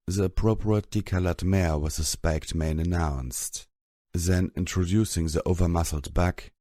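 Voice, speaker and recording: Man narrating an audiobook, very deep voice, dry close sound, steady pace. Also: unhurried, no echo. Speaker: audiobook reader. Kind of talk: scripted narration.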